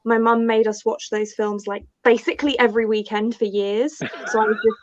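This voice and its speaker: A woman's voice: a little high, level tone, a little fast, a little mellow, a little hiss or hum. A woman co-hosting a casual book podcast, talking in an apologetic, self-deprecating way. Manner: apologetic, self-deprecating, laughs between phrases. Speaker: podcast co-host. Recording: dull lo-fi sound.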